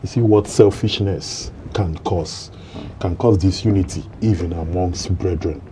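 A man with a Nigerian English accent leading a televised church Bible study, asking questions in a measured, preacherly way. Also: low-pitched, warm tone, a little hiss or hum, low-quality recording. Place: television studio.

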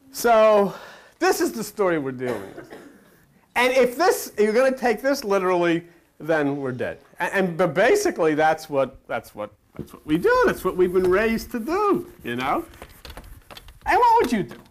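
A man's voice: sits high, a little hiss or hum. A man giving a comic, mocking lecture and putting questions to his audience. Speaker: speaker, lecturer.

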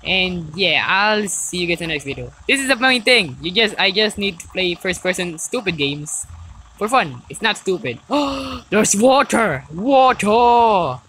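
Gaming host, woman; excitable, swears at the game, pitch swings wide, noisy recording with clicks. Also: measured pace. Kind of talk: let's-play commentary.

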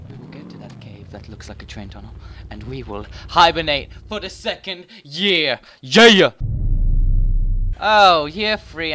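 A man giving profane, excitable commentary while playing a game, with sudden yelled outbursts. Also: mid-range voice. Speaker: gaming YouTuber. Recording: game music behind voice.

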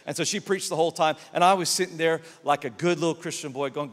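Animated pastor in a big echoing hall. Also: male voice, fairly high pitch, brisk, hardly any pauses. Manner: animated storytelling, emphatic repetition. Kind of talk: sermon. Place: large church auditorium. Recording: long reverb of a large church hall.

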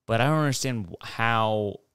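A man's voice: mid-range voice, normal speed, a bit bright, clean tone, no room sound, studio quality. A young man rambling through a solo podcast monologue, digressive and profane, with mocking asides. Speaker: podcast host.

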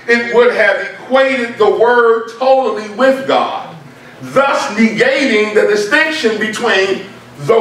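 A very high-pitched man delivers an emphatic sermon, driving home key points by repeating them. He speaks slowly and deliberately. The sound is heavily echoey and picked up from a distance in a church. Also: fairly bright tone. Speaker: preacher. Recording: very echoey room, mic far off.

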